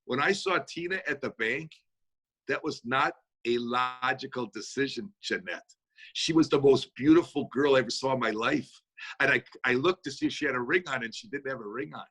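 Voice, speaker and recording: A man answering audience questions in a motivational Q&A over a video call, talking fast in a folksy, energetic manner. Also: mid-range voice, slightly rough. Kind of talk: motivational Q&A talk.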